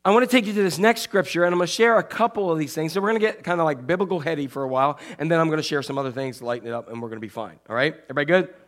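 Pastor guy with a high voice preaching, jokey and chatty, keeps asking the crowd "got me?". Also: very fast, hardly any pauses. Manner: conversational, often checks in with the congregation; playful, jokey asides. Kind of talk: sermon.

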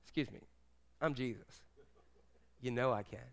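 A man putting on a tough-guy film actor's voice to play Jesus, lower and quieter than his own. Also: normal speed, lightly acted. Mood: incredulous. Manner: mocking impression of a famous actor.

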